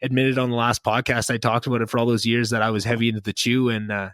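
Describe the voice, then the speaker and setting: Fast-talking earnest young man. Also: mid-range voice, flat delivery, a bit bright, dry recording, clean studio sound. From Canada. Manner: earnest, reflective, heavy on fillers. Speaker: podcast host. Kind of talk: casual catch-up chat.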